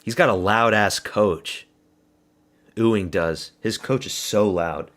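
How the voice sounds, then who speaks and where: Hosting a livestreamed fight watch party, a man chats casually, responds to viewers, and calls the action with lots of swearing. His voice is on the low side, slow, and a bit bright.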